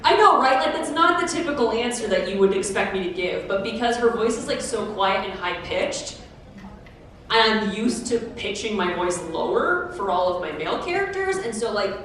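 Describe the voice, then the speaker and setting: A woman's voice: mid-range voice, animated, moderate pace, fairly bright tone. A young woman answering audience questions at a convention panel, chatty and laughing, with many fillers and restarts. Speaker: cosplayer taking audience questions. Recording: echoey hall, distant mic, noisy.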